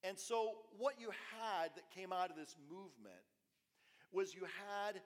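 A male pastor delivering a sermon in a fairly high voice, swinging from emphatic bursts to hushed asides and repeating himself as he builds a point. His words ring out with a long reverb through a church hall. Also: measured pace. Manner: animated preaching with repetitions and sudden soft drops.

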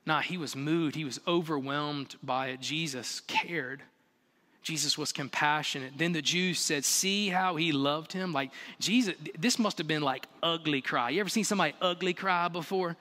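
Bright high-voiced pastor preaching in a hall. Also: male voice, normal speed. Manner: animated, rhetorical questions, acts out quotes with humor. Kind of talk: sermon. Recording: long reverb of a large hall.

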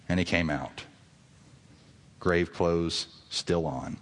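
A man pastor delivering a sermon to his congregation, earnest and rising to emphatic peaks. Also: unhurried. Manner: earnest preaching that swells to emphatic highs. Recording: long reverb of a large hall.

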